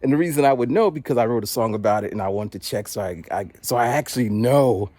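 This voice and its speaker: A man's voice: mid-range voice, fast talker, mellow, no room sound. A man in his forties rambling casually to the camera while out on a walk, switching into other people's voices to act them out. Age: 40s. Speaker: vlogger and rapper. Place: outdoors on a walk.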